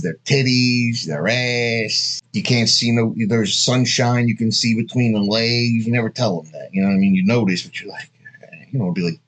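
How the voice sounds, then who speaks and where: Husky, crude-talking man rambling. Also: medium pitch, expressive, moderate pace. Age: 30s. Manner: crude, rambling storyteller with frequent asides. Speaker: dating advice host. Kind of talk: casual monologue.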